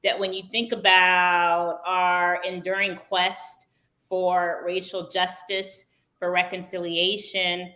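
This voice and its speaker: A woman with a lowish, very bright and forceful voice answers an interviewer's questions. She speaks in an articulate, measured and formal manner. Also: level tone. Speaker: executive director, guest essayist.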